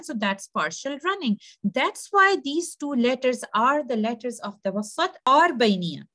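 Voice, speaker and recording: A woman teaching a recitation lesson, patiently explaining and slowly demonstrating pronunciations. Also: high-pitched, a bit bright. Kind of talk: tajweed lesson.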